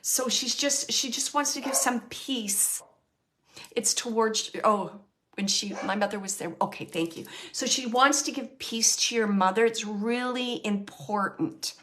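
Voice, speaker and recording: A woman hosting a live mediumship reading, gently relaying spirit messages and often pausing to thank the spirit. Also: fairly high pitch. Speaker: psychic medium and show host.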